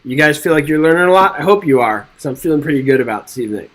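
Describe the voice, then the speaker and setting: A man with a somewhat high voice runs a live exam-prep webinar from his desk microphone. He reads multiple-choice questions aloud, then jokes and checks in with viewers in an upbeat, chatty way. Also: expressive, very fast, rough recording. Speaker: real estate exam instructor.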